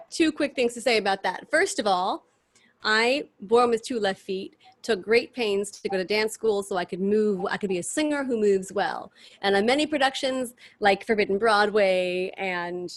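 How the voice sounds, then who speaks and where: Chatty woman in her 30s, tells stories fast and lively, lots of ums, on a video call. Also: mid-range voice. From New York City. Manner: chatty, animated storytelling with fillers and restarts. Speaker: interview guest. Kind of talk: casual chat.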